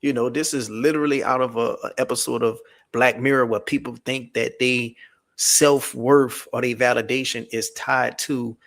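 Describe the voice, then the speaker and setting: A man's voice: mid-range voice, fairly even intonation, moderate pace, a bit bright. A man hosting a reaction show, commenting in a casual, slangy, digressive way. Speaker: host.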